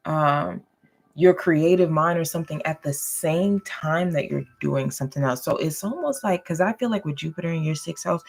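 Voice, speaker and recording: Low, gravelly-voiced woman reading tarot. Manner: goofy, playful, laughs often; addresses listeners directly, checking in with "okay?". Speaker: tarot and astrology reader. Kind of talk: casual spoken tarot reading to viewers.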